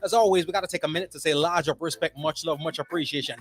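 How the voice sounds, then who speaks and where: A man hosting a radio show from home, giving lively slang-filled shout-outs and slipping into patois for fun, a little under the weather. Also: a little high, very fast. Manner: slips into Caribbean-style patois for fun. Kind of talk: energetic radio DJ chat. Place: at home, remote broadcast.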